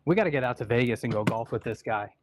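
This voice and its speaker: A man playing golf and co-hosting a livestream outdoors, talking in a relaxed, dry, joking way. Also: mid-range voice, fast, noisy background. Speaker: golf livestream co-host and player. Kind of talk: casual on-course chat.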